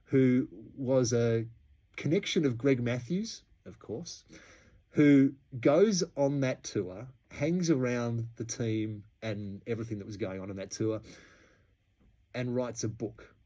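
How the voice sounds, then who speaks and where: Australian guy telling a story on a podcast, mellow and relaxed, mid pitch, chuckles a lot. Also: takes it slowly. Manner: chatty, laughs between points. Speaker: podcast host. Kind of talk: casual history podcast storytelling.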